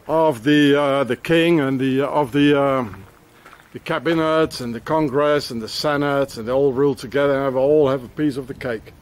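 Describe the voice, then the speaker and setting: A man's voice: medium pitch, a little mellow. A man rambling on a walk-and-talk travel vlog outdoors in a town, with many fillers and restarts. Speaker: travel vlogger.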